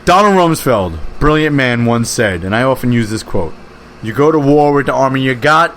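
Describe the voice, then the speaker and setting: A man with a Brooklyn accent, a guest on a political talk show, speaking in a fiery, energetic, exhorting way. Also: mid-range voice, moderate pace, slight background noise. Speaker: guest co-host.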